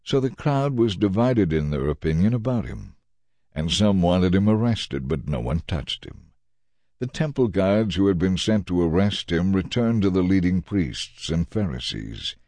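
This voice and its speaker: A man narrating a dramatized Bible reading with expressive delivery, shifting into voices for the characters. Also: sits low, a little slow, dry recording. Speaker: scripture reader.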